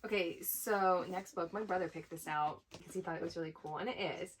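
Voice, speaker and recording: A woman with a slightly low voice gushing over her favorite reads in a casual chat. She sounds eager and effusive, piling on praise with plenty of "like" and "super". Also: a little fast, a little hiss or hum, poor audio. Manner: gushing, enthusiastic, filler "like". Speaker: co-host of a twin sisters' book channel. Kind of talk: casual book haul chat.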